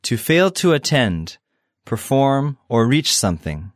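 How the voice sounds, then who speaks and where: A man presents an English lesson, explaining a dialogue and prompting each new vocabulary word. His intonation moves in a lively way. The recording is dry and close. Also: mid-range voice, measured pace, no echo. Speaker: language lesson host.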